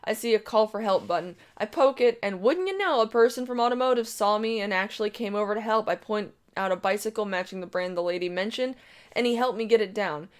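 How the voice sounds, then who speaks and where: A woman reads an internet story aloud with brash, profane storytelling. Her pitch is average for a woman and her delivery is plain and direct. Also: fairly quick, clear, resonant tone. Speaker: story reader. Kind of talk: reading an online story aloud.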